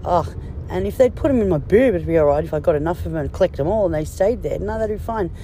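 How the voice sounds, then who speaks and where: A woman's voice: on the low side, lively intonation, fast talker, mellow, a little hiss or hum. A woman vlogging casually on a phone from a car and a clinic, blunt, joking and full of swearing. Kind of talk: casual vlog chat.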